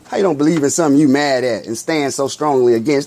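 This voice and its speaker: A man giving a casual spiritual monologue in loose, slangy talk. He poses rhetorical questions and answers them himself, and drifts between loud bursts and low mutters. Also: moderate pace, pauses often. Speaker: spiritual vlogger.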